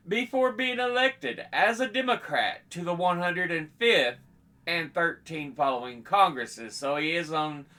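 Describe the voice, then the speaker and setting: A man with a slightly higher voice than most talks very slowly through dates and dollar amounts as a host. His tone is bright and forward. He keeps a steady, measured delivery and now and then restarts a phrase. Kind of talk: unscripted informational presentation.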